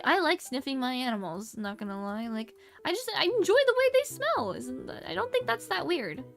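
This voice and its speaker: A young woman streaming casually, rambling and bubbly, breaking into baby-talk squeals and muttering counts under her breath as she plays. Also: high voice. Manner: mutters counts quietly while concentrating. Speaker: VTuber streamer. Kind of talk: casual livestream chat while gaming.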